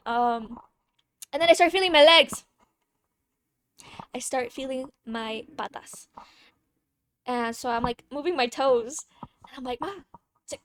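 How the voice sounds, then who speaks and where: A woman's voice: a little high, normal speed, pauses often, fairly bright tone, smooth. Chatty young woman telling a story. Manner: chatty, swears freely, playful asides. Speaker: vlogger. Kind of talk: casual storytime.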